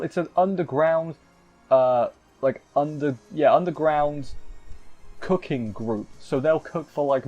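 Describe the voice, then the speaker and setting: An anime reviewer with a mid-range, darkish voice gives a live recap of an episode, and the audio's highs are cut off. He rambles and jokes, frequently poking fun at himself.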